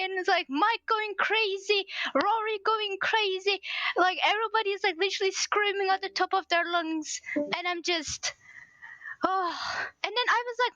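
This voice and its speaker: Woman, stream co-host, lively storyteller who acts out the quotes, high bright tone. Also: normal speed, no echo, lo-fi sound. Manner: animated, acts out shouted quotes. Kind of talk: excited casual storytelling.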